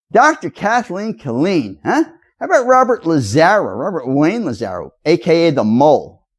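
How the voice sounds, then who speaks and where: A man ranting straight to his viewers in a rambling, accusatory, lecturing way. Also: a little high. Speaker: video blogger. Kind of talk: rambling direct-to-camera rant.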